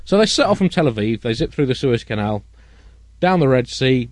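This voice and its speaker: A man's voice: medium pitch, very animated, a little fast. Rambling male podcast co-host. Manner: rambling, absurd riffs. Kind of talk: comedic news podcast.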